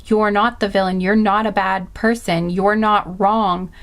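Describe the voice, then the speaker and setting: A woman's voice: mid-range voice, little pitch movement, unhurried. A woman giving a spiritual pick-a-card reading, talking with passion and emphasis, repeating phrases with many fillers. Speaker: tarot card reader.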